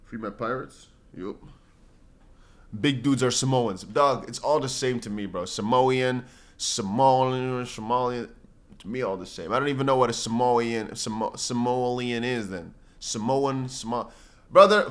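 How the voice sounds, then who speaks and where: A man's voice: medium pitch, expressive, normal speed, fairly bright tone. Slangy man chatting on a crypto stream. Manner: rambling, reads viewer chat aloud and answers it; slangy, says bro and brother a lot. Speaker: crypto livestream host. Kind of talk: casual livestream chat.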